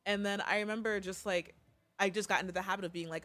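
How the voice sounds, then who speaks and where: A young woman from the southern United States, co-hosting a podcast in a quick, chatty way. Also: mid-range voice, fairly even intonation, a bit bright. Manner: quick, chatty, swears casually. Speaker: podcast co-host. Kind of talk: casual chat.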